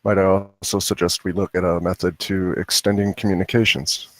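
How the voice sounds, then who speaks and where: A man's voice: low voice, level tone, fairly quick, a bit bright, no room sound. A man playing a tabletop role-playing game, speaking formally and asking questions. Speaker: player. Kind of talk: in-character role-play.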